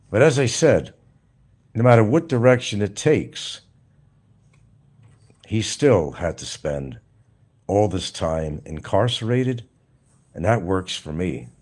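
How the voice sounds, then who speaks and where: A man's voice: on the low side, sing-song, slow, pauses often, darkish tone. A man hosting a live stream, talking casually in a blunt, mocking way to his viewers. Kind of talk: casual livestream monologue.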